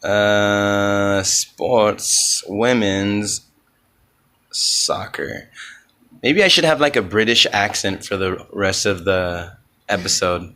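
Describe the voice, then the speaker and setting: A man's voice: on the low side, fairly even intonation, takes it slowly, bright, forceful tone. A man hosting a solo comedy podcast, rambling in an offhand way and swearing often.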